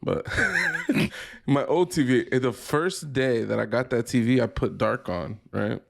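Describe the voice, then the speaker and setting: A man with a gravelly, creaky voice chatting loosely on a podcast. He rambles through a story, swearing freely. His pitch sits in an ordinary middle range. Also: a little slow. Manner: rambling, profane, laughs a lot. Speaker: podcast co-host. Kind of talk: casual chat.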